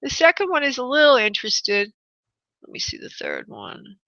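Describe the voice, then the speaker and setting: A woman from New York with a New York accent, hosting a live call-in radio show as a psychic medium, chatty and pausing to consult spirit. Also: sits high, huge pitch swings, bright, forceful tone, no echo, lo-fi sound. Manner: chatty, pauses to consult spirit, laughs easily.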